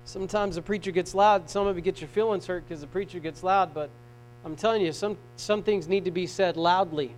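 Man preacher, really high voice, goes quiet then shouts, reads scripture, hum in the background. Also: fairly quick, rough recording. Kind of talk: sermon. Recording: mains hum.

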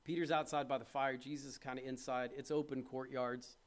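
A man preaching a sermon to his congregation, asking them questions directly and moving from quiet reflection to loud, impassioned appeals. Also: medium pitch, flat delivery, brisk.

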